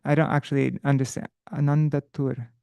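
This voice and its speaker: A man leading an unprepared live study session, thinking aloud with halting restarts and self-corrections, now and then chanting verses slowly. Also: medium pitch, little pitch movement, vocal fry, warm tone, clean tone, no echo. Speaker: teacher of scripture study.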